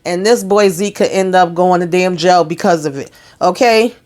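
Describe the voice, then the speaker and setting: A woman giving a casual TV episode recap in an animated, blunt and slangy way, swearing freely. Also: on the low side, moderate pace. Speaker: TV show recap reviewer.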